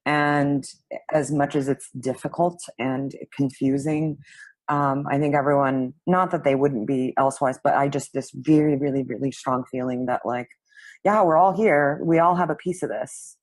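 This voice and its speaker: A woman's voice: extremely low pitch, steady tone, normal speed, dry recording. Woman, podcast host, earnest, thinking aloud, dry close mic. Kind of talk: casual conversation.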